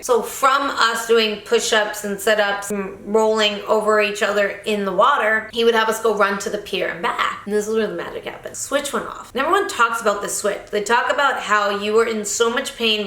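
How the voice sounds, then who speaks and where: Bright-voiced woman telling her story. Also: medium pitch, roomy sound. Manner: candid, animated storytelling. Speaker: vlogger. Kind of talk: reflective vlog narration.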